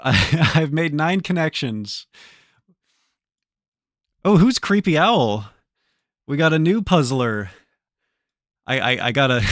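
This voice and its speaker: Male live streamer, casual and excitable, quick to curse, medium pitch, dry close mic. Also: no room sound. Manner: excitable, swears a lot, thanks chat. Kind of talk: casual live-stream chat while playing.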